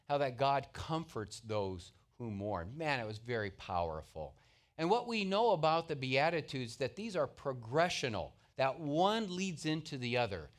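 A middle-aged male pastor preaching a sermon in an earnest, conversational way, telling stories along the way. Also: on the high side.

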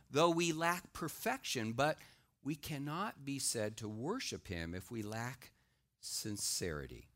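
A middle-aged man, a pastor, preaching a sermon in a lively way and acting out the voices he quotes. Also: medium pitch. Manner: animated, acts out quoted voices.

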